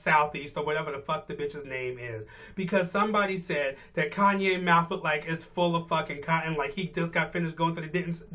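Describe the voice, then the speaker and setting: Fed up and swearing freely, a male vlogger rants bluntly from his car as he commutes in the morning. His pitch is fairly high, and his voice comes across as pushed and bright.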